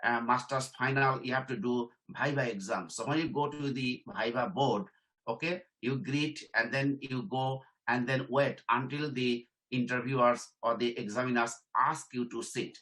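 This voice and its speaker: A man's voice: mid-range voice, normal speed, sharp tone, poor audio. A middle-aged man giving an informal career lesson, repeating his points and checking in with "okay?". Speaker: career trainer and professor. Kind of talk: informal teaching talk.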